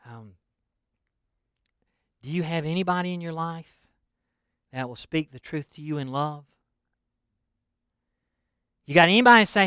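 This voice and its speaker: A middle-aged preacher with a high, clean voice, delivering a sermon in a folksy, animated storytelling way. The sound is dry and close, with no room around it. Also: male voice, moderate pace, long pauses, smooth, no echo.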